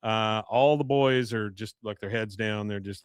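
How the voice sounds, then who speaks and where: A man's voice: lowish voice, unhurried, smooth, dry recording. A man hosting a podcast in a studio, recapping an episode in casual chat and chuckling as he reads lines from the show. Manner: chuckles often, reads show quotes aloud. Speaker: podcast host.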